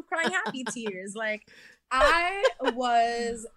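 Animated young woman telling her story. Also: a little high, brisk, no room sound. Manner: animated storytelling, acts out quotes. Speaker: podcast guest, reality competitor. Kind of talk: casual interview chat.

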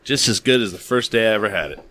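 Profane low-voiced podcast host. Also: male voice, animated, fast talker, sharp tone, a little hiss or hum. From eastern New Mexico. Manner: profane, rambling, restarts often. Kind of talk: casual podcast chat.

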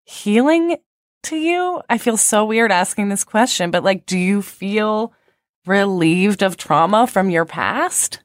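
A woman co-hosting a podcast, asking gentle, hesitant questions in casual chat. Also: medium pitch, lively intonation, takes it slowly, dry recording, clean studio sound. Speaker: podcast co-host.

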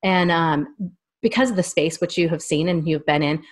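A woman's voice: low voice, normal speed. A woman in her thirties, a guest in a casual interview, telling long, rambling personal stories. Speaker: small business owner and guest.

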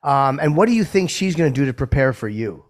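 A man's voice: mid-range voice, sing-song, brisk. A man co-hosting an interview show, asking curious, rambling questions. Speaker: co-host. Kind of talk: casual interview chat.

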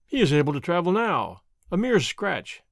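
A man's voice: sits high, very animated, moderate pace, gravelly, dry recording, clean studio sound, full character voice. A man reading the part of a lazy, ironic young nobleman in an audiobook, drawling and mildly mocking. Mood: languid.

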